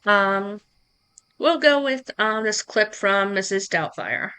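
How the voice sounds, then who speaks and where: Slow, bright-voiced woman streamer. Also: medium pitch, clean tone. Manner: relaxed, chatty explaining with asides to chat. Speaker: streamer teaching streaming software. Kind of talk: casual live-stream tutorial. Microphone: streaming microphone close up.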